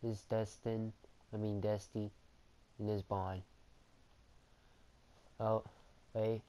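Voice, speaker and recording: A young man talks through a wrestling video game in a low voice, rambling and repeating himself. He swears freely and drawls through his words slowly. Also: level tone, mellow. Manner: rambling, profane, repetitive. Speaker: gamer commentating his match. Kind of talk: casual gameplay commentary.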